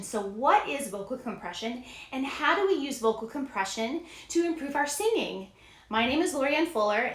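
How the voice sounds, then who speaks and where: A woman vocal coach giving a singing lesson, explaining clearly and demonstrating sounds in a friendly way. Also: a little high. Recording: roomy echo.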